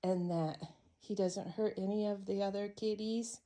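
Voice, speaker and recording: A woman voicing her protective male house cat, speaking for him gently in her own voice. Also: mid-range voice, steady tone, normal speed, lightly acted. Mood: earnest.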